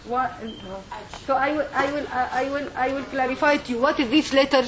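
High-voiced teacher. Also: female voice, steady tone, fairly quick, crowd noise. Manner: repetitive, checks understanding with frequent "okay?". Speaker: Arabic and Quran teacher. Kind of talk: classroom lesson.

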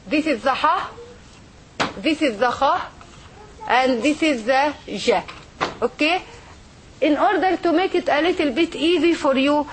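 A female Arabic and Quran teacher with a high voice gives a classroom lesson, repeating herself and often asking "okay?" to check that students follow. There's a faint hiss or hum in the recording.

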